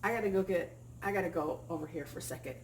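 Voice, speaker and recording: A woman vlogger and crafter speaks fast in a lowish voice, venting in casual, chatty talk that sounds stressed. She acts out quoted exchanges with little laughs, and there's slight background noise.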